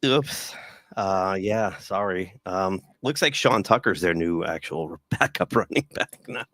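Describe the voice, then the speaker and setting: A man co-hosting a casual sports talk show, telling stories with animated quoted voices. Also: low voice, measured pace, no echo. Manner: animated storyteller, acts out quotes. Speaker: podcast co-host.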